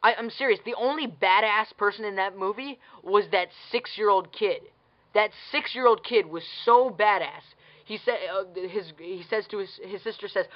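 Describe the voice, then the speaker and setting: A woman tears into a movie in a casual vlog rant, blunt and sarcastic, with plenty of swearing and incredulous questions. Her voice sits at an ordinary middle pitch and comes through a dull, lo-fi recording. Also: moderate pace. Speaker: vlogger reviewing a movie. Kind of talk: casual ranting review.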